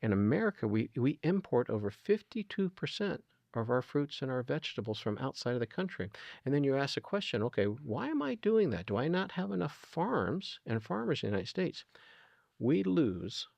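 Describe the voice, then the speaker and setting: A man's voice: medium pitch, big pitch swings, normal speed, creaky, a little mellow, no echo. A middle-aged man talking earnestly as an interview guest, retelling conversations with plenty of ums and you-knows. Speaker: guest, food nonprofit founder.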